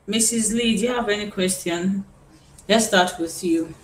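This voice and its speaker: A woman's voice: mid-range voice, moderate pace. A woman from Nigeria teaching singing on a live stream, explaining at length and repeating words as she thinks. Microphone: phone. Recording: roomy phone live stream with faint hiss.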